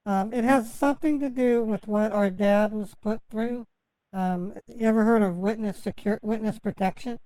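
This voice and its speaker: Stammering woman with a mellow voice. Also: mid-range voice, no room sound, poor audio. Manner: halting, stammering, full of fillers and restarts. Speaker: scambaiter posing as a victim. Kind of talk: rambling phone call.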